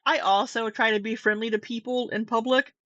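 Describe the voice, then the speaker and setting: A woman's voice: a little high, fairly even intonation, brisk, fairly bright tone, no room sound, lo-fi sound. A woman giving blunt, sarcastic reaction commentary on a video, cursing freely.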